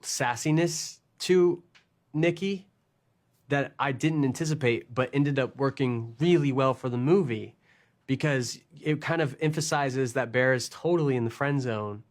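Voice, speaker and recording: A man speaks at an ordinary pitch in a relaxed interview manner. He hesitates often, slipping in small fillers as he thinks aloud. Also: measured pace. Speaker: screenwriter in an interview clip. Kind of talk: casual interview talk.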